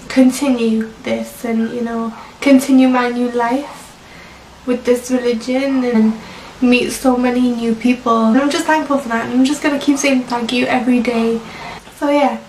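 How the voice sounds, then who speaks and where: Young woman vlogger with a high voice, chatty and emotional personal telling; roomy, distant recording. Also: darkish tone, slight background noise. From Britain. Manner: chatty, emotional, many fillers like "like" and "you know". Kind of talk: personal story told to camera. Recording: echoey room, mic at a distance.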